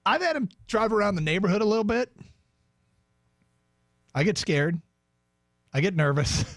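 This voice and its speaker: A man's voice: sits high, expressive, moderate pace, no room sound, clean studio sound. A man co-hosting a sports radio show, chatting casually and leading the segment. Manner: chatty, runs the segment, reads the call-in number.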